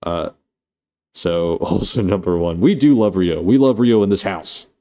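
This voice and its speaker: A man's voice: low voice, animated, unhurried, mellow. A man on a live stream, chatting casually and swearing as he recaps a film. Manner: rambling, profane, playful.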